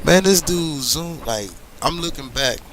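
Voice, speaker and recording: Rambling animated man telling a story. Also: fairly high pitch, measured pace, slight background noise. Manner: animated, rambling, frequent "you know what I'm saying". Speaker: gaming streamer telling a story. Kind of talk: casual storytelling over gameplay.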